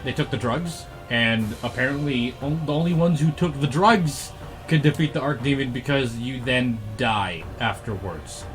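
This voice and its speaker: A man's voice: medium pitch, moderate pace, a bit bright, faint music behind. A man telling a comic plot recap of a video game, swearing, laughing and acting out the characters' lines. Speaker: comedy host recapping a game.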